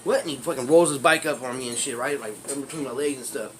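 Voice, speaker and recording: A man's voice: medium pitch, quick pace, a little hiss or hum. A man telling a personal street story in a rambling, profane way, laughing often as he talks. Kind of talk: casual storytelling.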